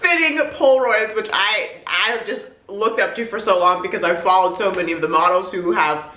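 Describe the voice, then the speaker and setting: A young woman vlogger telling an excited story in casual chat, peppering her talk with "like". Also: mid-range voice, moderate pace, reverberant. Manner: gushing, excitable, heavy on "like". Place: hotel room.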